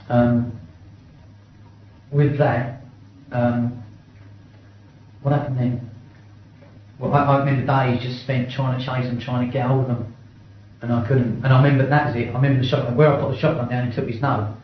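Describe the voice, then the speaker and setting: A man's voice: mid-range voice, level tone, normal speed, long pauses, slight background noise. A middle-aged man giving a blunt first-person account in an interview, swearing often and stumbling over restarts. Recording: very echoey, dull-sounding room recording.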